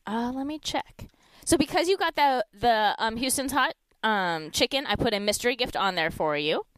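A woman hosting a live radio shopping show, pitching deals in a chatty, upbeat way and reading out the phone number slowly. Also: lively intonation, a bit bright, dry recording. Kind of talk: live radio deal segment with callers.

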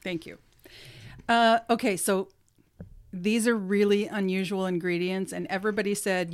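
A woman co-hosting a casual chat show, chatty and quick to laugh. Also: medium pitch, steady tone. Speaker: co-host.

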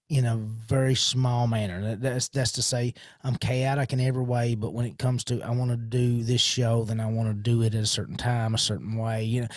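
A man's voice: mid-range voice, a little mellow, no echo. A man hosting his own podcast, rambling in a casual train of thought with lots of restarts and fillers, into a studio mic. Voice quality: self-described horrible accent. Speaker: podcast host.

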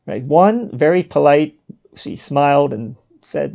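A man talks through his podcast episode with a gravelly, slightly raised voice and a mellow, dark tone. He plays up mock outrage with heavy sarcasm and chuckles at his own jokes. The recording sounds dull and lo-fi. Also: fairly high pitch, lively intonation, measured pace. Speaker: podcast host. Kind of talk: provocative monologue.

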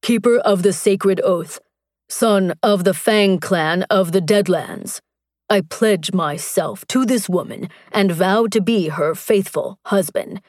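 A woman voicing a fierce, hulking barbarian warrior man in an audiobook, with low, intense, commanding delivery. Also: takes it slowly, a little mellow, no echo, studio quality, close to an everyday voice. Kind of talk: audiobook character voice.

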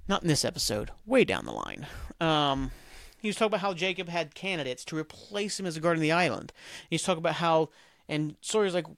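A man with a fairly high voice talks alone on his podcast, rambling and cursing freely as he recaps. His speech is packed with "like" and "um." The sound is dry and close, with no room echo. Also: sing-song, a little fast, creaky, a bit bright. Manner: rambling and profane, heavy on "like" and "um". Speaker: podcast host. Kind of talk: casual solo podcast recap.

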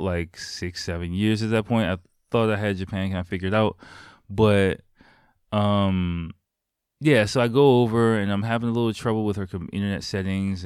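Man, low pitch, dry close-miked sound, candid storyteller, reflective and blunt. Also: clean tone, dry recording. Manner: frank, reflective, casual swearing.

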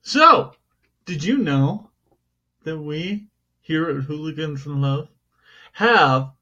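A man's voice: on the high side, animated, slow, sharp tone. A man co-hosting a podcast, making jokes in casual banter. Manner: jokey, playful, switches into mock newsreader voice. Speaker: podcast co-host. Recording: dull lo-fi home recording.

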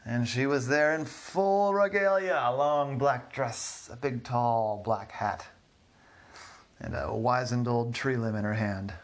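A man narrating an improvised children's story in a soft, low-key way, with small restarts. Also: slow.

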